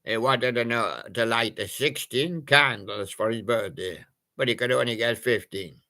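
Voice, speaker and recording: A man's voice: mid-range voice, moderate pace, gravelly, pushed and bright. A man, possibly older, doing playful, punning oldies radio patter and breaking into snatches of old songs. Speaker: radio presenter.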